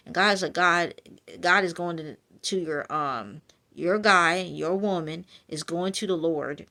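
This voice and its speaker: A woman's voice: lowish voice, unhurried, bright, forceful tone. A woman reading a casual prophetic message of encouragement, chatty and full of fillers, addressing her listeners directly. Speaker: spiritual message reader.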